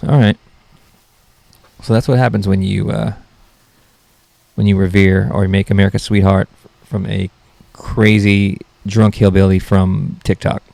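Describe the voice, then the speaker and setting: A man's voice: on the low side, flat delivery, measured pace, creaky, a little mellow, dry recording. A man hosting a comedy podcast, rambling through off-color jokes and poking fun at himself. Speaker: podcast host.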